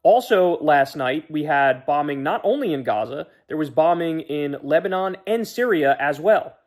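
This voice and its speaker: A man in a commentary clip reels off one point after another. His tone is indignant and his pace is brisk. His voice sits a little high for a man. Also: lively intonation, a little mellow. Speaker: political commentator. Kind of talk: political commentary in a played clip.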